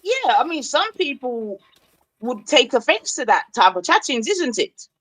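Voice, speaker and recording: A man's voice: extremely high pitch, sing-song, unhurried, bright, forceful tone, no echo. Man, slangy, laughing, dry close sound. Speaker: co-host. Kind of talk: casual reaction chat.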